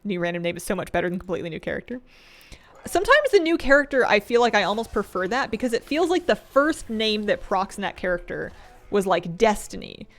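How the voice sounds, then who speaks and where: A woman's voice: mid-range voice, sing-song, fast talker, faint music behind. Playful woman chatting while gaming. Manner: rambling and playful, laughs often, answers chat. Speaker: game streamer. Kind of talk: casual live-stream gameplay chat.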